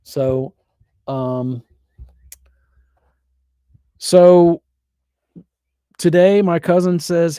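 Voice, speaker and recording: A man's voice: medium pitch, expressive, moderate pace, pauses often, darkish tone, dry recording. A middle-aged man hosting a live music stream from his home studio, chatting in a loose, rambling way with lots of fillers. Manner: rambling, easygoing, often trails off with fillers. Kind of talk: casual live-stream chat.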